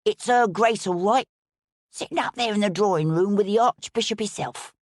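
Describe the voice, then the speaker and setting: A woman voicing a cheeky young servant boy with a rough, lower-class way of talking. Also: normal speed, dry recording, studio quality, lightly acted. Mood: defensive, eager.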